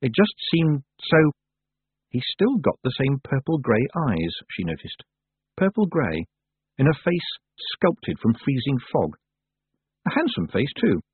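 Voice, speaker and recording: A man reading a storybook aloud as narrator, with an expressive, dramatic delivery. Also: mid-range voice, unhurried, breathy edge, dry recording. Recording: dry, phone-like narrow sound.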